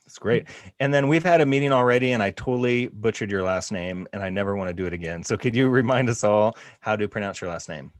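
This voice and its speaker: A man's voice: on the low side, quick pace, dry recording. A man, a school counselor hosting a school podcast, talking upbeat and joking with guests. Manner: upbeat, joking, talks to students. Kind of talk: casual podcast chat.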